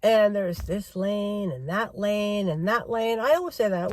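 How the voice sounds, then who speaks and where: A woman's voice: mid-range voice, unhurried, a little mellow. A middle-aged woman vlogger in a car, giving a rambling driving-safety rant and repeating herself for emphasis.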